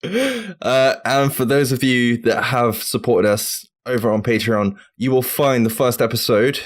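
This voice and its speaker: A UK man hosts a casual gaming podcast with his friends, steering the segments and swearing freely during the banter. He speaks unhurriedly in a mid-range voice with lively intonation.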